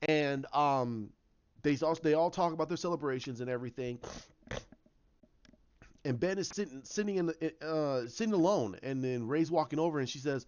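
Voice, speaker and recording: A man casually retelling his own story idea, rambling with many restarts and acting out the quotes in a lower voice. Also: normal speed, darkish tone, smooth. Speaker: fan commentator. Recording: dull lo-fi sound.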